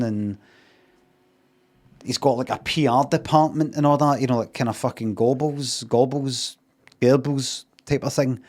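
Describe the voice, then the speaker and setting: A Scottish man rambles through a recap on his stream, swearing freely and dryly amused at the silly bits. His voice sits at an ordinary middle pitch and he talks off the cuff, restarting sentences as he goes. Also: darkish tone. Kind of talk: casual rambling review on a live stream.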